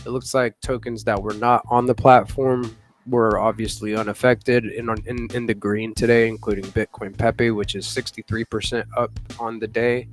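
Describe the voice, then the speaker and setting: A man's voice: medium pitch, flat delivery, moderate pace, few pauses, faint music behind. A man hosting a casual live news chat, rambling with lots of fillers and laughing now and then. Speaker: morning show host.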